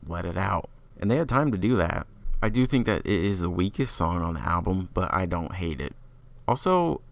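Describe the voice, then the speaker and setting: A young man with a deep voice and a gravelly fry in it hosts a podcast. He reviews an album in an opinionated, rambling way and leans on "like" as a filler. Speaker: podcast host.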